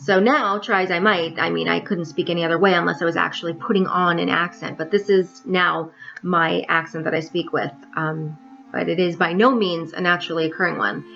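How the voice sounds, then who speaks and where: A woman's voice: fairly low pitch, fairly even intonation, a little fast, creaky, a bit bright, muffled recording, soft background music. A woman from New York with a trained, neutral American accent, bluntly and wryly confessing in a profane vlog monologue. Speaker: vlogger.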